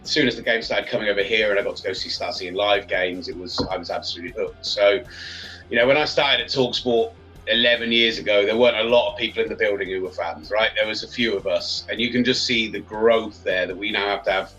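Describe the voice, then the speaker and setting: Bright-voiced man, chatty storyteller. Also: on the low side, fast, faint music behind. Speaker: sports radio presenter, guest. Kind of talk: casual podcast chat. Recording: slightly dull, lo-fi sound.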